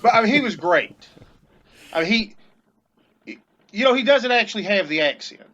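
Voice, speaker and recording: A man's voice: high-pitched, lively intonation, moderate pace, a bit bright. A man telling a convention story on a podcast in a matter-of-fact way. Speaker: podcast guest. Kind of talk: casual storytelling chat. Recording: dull lo-fi sound.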